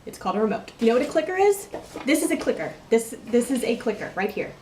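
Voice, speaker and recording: A woman's voice: a little high, sing-song, fast talker, warm tone, roomy sound, recorded from a distance, slight background noise. A young woman from Texas with a Texan accent, chatting casually and rambling through an accent tag vlog. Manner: chatty, rambling, self-deprecating. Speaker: vlogger.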